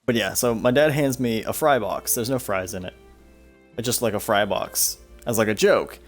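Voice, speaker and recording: A man's voice: lowish voice, normal speed, faint music behind. Rambling, profane young man streaming. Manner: rambling, profane, laughs often. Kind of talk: casual storytelling while playing a game.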